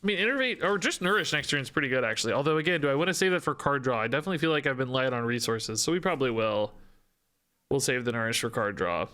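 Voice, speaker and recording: A man's voice: medium pitch, expressive, fast, sharp tone. A man streaming a card game, thinking aloud, questioning himself and joking between plays. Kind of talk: live-stream gameplay commentary.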